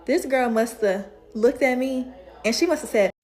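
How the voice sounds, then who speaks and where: A woman who does hair from home, telling an animated storytime to camera. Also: a little high, normal speed, roomy sound. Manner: animated, builds to heated retelling. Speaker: home-based hairstylist.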